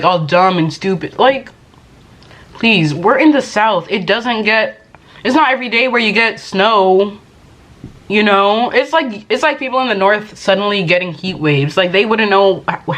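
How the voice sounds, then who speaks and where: A woman's voice: mid-range voice, fairly bright tone. A woman vlogging in casual chat, rambling and exasperated, talking while she eats.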